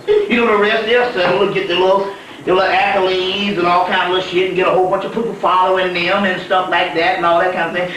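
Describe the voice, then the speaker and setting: A man giving a spiritual lecture, telling stories in a profane, animated way. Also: high voice, quick pace, a little hiss or hum. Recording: echoey room heard from far off.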